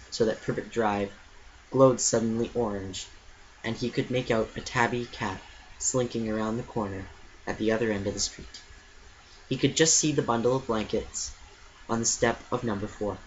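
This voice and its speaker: A man giving an earnest, steady amateur storybook reading, stumbling now and then. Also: mid-range voice, highs cut off, a little hiss or hum. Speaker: reader.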